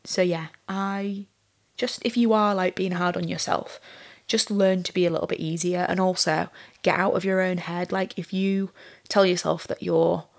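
A young woman hosts a solo podcast, talking candidly and casually, swearing freely and using lots of "like" and other fillers. Her voice is lowish and creaky, with fairly even intonation at a moderate pace.

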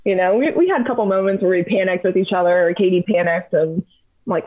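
A young woman spins lively stories as a podcast guest. She talks casually, throwing in plenty of fillers. Her voice sounds thin and narrow, as if heard over a phone. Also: on the low side, fast. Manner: animated, chatty, many fillers. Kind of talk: casual storytelling chat.

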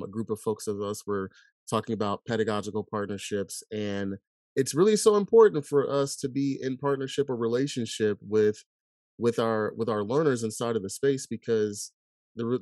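A man's voice: mid-range voice, moderate pace, a little mellow, no echo, clean studio sound. A man hosting an educational podcast, talking in a reflective, casual way with many filler words. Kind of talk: casual conversational interview.

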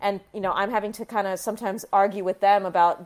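A woman doctor in her thirties shares a personal story in an interview. She speaks candidly and emotionally, often breaking off and restarting her sentences, and swears now and then. Her voice sits at a middling pitch for a woman. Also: fairly even intonation, fast. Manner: frank and emotional, with frequent restarts and some profanity. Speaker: physician guest sharing her story.

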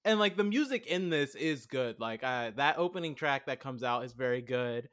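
A man's voice: mid-range voice, expressive, moderate pace, a bit bright. A man in a casual film chat, rambling and saying "like" a lot as he animatedly retells scenes. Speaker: podcast co-host.

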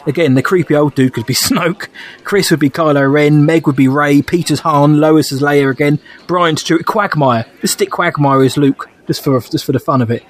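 A man's voice: on the high side, normal speed. A man co-hosting a podcast in casual, enthusiastic chat, often laughing. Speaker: podcast co-host.

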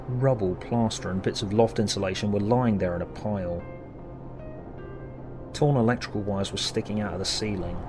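Low-voiced man narrating a horror story. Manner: measured, dramatic. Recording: narration over music.

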